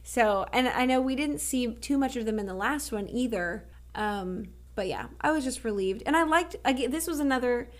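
A woman with an American accent co-hosting a casual film podcast, lively and quick to laugh. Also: fairly high pitch. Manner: lively, laughs easily, jokey. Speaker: podcast co-host.

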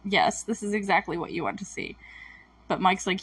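A woman's voice: medium pitch, lively intonation, moderate pace, fairly bright tone, breathy edge. A woman recapping a TV episode in a chatty, emotional way, with lots of fillers and self-corrections. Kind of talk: casual recap commentary.

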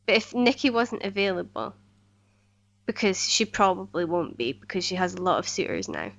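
A woman's voice: medium pitch, big pitch swings, moderate pace, vocal fry, a bit bright. A woman co-hosting a podcast in casual chat, earnest and enthusiastic, often restarting her sentences. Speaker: podcast co-host.

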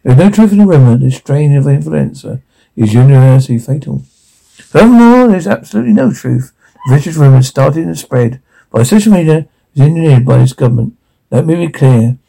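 A man reading as a formal, gravelly president. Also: mid-range voice, fairly quick, dark tone, rough recording. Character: male president, formal and reassuring. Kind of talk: formal public address.

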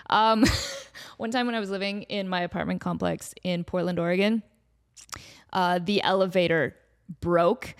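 A woman's voice: fairly low pitch, vocal fry. A young adult woman hosting a comedic podcast, rambling through tangents and laughing often as she talks. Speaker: podcast host. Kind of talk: casual comedic monologue.

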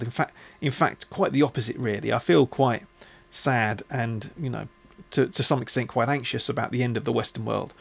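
A man hosting a podcast, talking in a musing, halting way with many restarts. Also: medium pitch, gravelly. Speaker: podcast host. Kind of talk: casual reflective monologue.

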